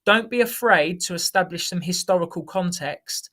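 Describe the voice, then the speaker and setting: A man with a bright, forceful tone and a slightly high pitch gives feedback on students' answers. He sounds encouraging and talks in a teaching manner. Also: normal speed. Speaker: history teacher. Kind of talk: live online revision session.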